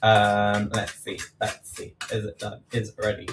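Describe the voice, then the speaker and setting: A man's voice: lowish voice, completely flat delivery, normal speed, music in the background. A man with an East London accent, chatting casually as he bakes live in his home kitchen, talking to himself and teasing himself as he goes. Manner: chatty, self-deprecating, repeats quantities aloud. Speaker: home baking livestreamer. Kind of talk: casual live baking chat.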